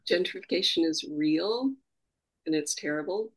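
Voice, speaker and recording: A woman's voice: sits low, normal speed, slightly rough, poor audio. A woman guest in a casual chat, answering in an easygoing way from home over a video call.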